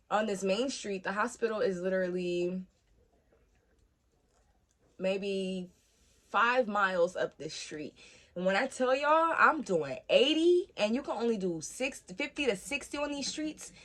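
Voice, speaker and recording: A young woman vlogger telling a personal story in casual, animated chat, swearing freely and acting out the voices of the people she quotes. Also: mid-range voice, unhurried.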